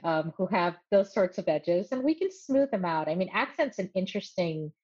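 A woman voice coach explains her work in a clear, measured and friendly manner. Her voice sits on the low side, and the recording sounds dull and lo-fi, like remote audio. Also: lively intonation, darkish tone. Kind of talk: interview guest.

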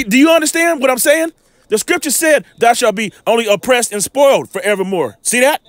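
A man teaches scripture in an informal, emphatic way, stopping his reading again and again to check that listeners follow. His voice sits high and swings widely in pitch. The sound is dry, with no room echo. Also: fairly bright tone. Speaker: Bible teacher.

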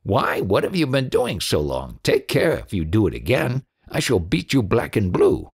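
Crafty sannyasi, bossy and sly, read by a man, low husky tone. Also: huge pitch swings, moderate pace, darkish tone, full character voice. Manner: bossy, cunning. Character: scheming wandering male holy man. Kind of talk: audiobook reading.

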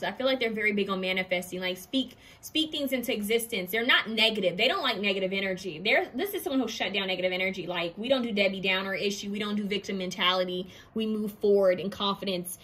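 A woman's voice: medium pitch, brisk. A woman giving a pick-a-card tarot reading in a chatty, intuitive way, often saying what she is hearing. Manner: lively, acts out quoted voices.

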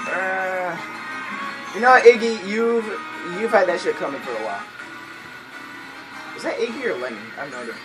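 Excitable young-sounding man yelling over game music. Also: high-pitched, moderate pace, pauses often, poor audio. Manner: excitable, swears a lot, yelps and laughs at mishaps. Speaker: gaming channel host. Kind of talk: casual co-op gameplay commentary. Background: loud game music.

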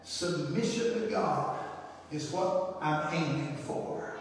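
An older male pastor preaches from the pulpit, drifting from easygoing storytelling into fervent preaching. His voice sits fairly high. It is picked up from a distance and rings around a reverberant church hall. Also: takes it slowly. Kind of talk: sermon. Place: church sanctuary. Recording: echoey church hall, mic from far off.

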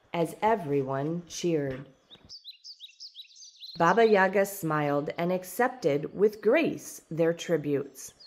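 A woman reading a children's storybook aloud in an expressive, dramatic way. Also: lowish voice, a little hiss or hum. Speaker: storybook reader.

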